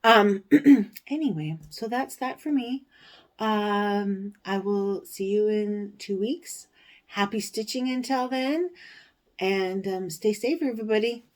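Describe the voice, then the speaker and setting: A woman hosting a stitching vlog, telling a story in a casual, animated way with indignant, sarcastic asides. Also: mid-range voice, slow. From United States. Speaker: cross-stitch vlogger, show host.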